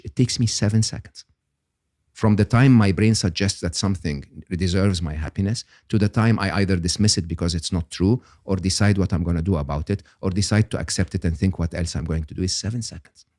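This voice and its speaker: An older man, a guest on an interview podcast, explaining ideas in an animated, emphatic way and often checking in with "okay?". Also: sits low, brisk, no room sound, clean studio sound.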